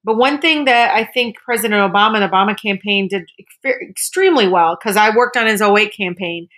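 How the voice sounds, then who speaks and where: A woman politician in a casual interview, telling lively stories and acting out the voices of people she met. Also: mid-range voice, brisk. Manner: animated, acts out quoted dialogue, laughs often. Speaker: congresswoman and guest.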